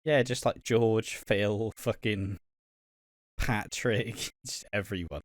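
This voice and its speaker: A man's voice: on the low side, slow, no room sound, studio quality. A young man co-hosting a podcast, teasing his co-host in sweary banter. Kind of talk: casual chat.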